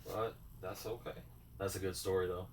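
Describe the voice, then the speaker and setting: A man's voice: deep voice, little pitch movement, moderate pace. A man casually chatting with his co-host over a card game and talking to viewers. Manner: easygoing, talks to viewers and the dog. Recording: distant mic with clear room noise.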